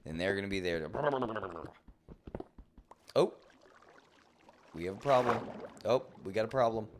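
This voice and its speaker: A man streaming a game live, chatting and ranting playfully with mock indignation and sudden excited outbursts. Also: a little hiss or hum. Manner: jumps to high excited outbursts. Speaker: livestreamer. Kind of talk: live gameplay commentary.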